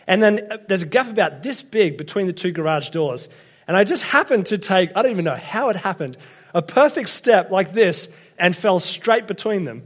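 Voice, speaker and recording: A man's voice: high voice, expressive, normal speed. Chatty Australian young man preaching. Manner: chatty, self-deprecating storyteller. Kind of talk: casual sermon with personal stories. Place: church hall with congregation.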